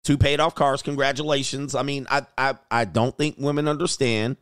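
Brief: middle-aged man, blunt dating coach, animated storyteller, dry close sound. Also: mid-range voice, normal speed, smooth, no room sound. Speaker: dating coach reacting to clips. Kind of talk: casual commentary.

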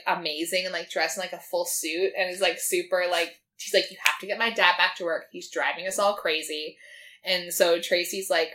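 Young woman co-host, bright and forceful tone, breezy filler-laden retelling of a show. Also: fairly low pitch. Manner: chatty, filler-heavy, quotes characters in her own voice. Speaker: podcast co-host. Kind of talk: casual chat recapping a TV episode.

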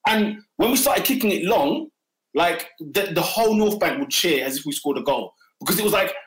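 Lively high-voiced man in a roomy echo. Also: moderate pace. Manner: expressive, stammering restarts, slangy. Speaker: podcast panelist. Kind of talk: casual football chat.

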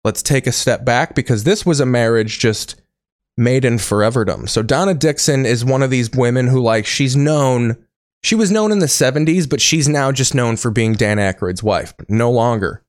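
A man's voice: medium pitch, moderate pace, no room sound. A man riffing as a comedy host in a crude, sarcastic tone, dropping swears freely. His voice is dry and close, with no room sound around it. The delivery is loose and mocking.

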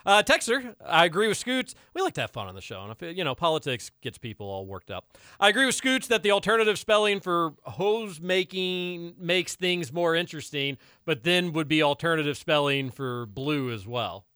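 A man co-hosting a radio show, quick and opinionated, repeating words for emphasis. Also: fairly high pitch, sing-song, sharp tone, clear, resonant tone, no room sound, clean studio sound. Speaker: co-host of a radio sports and politics show. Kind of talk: casual talk-radio banter.

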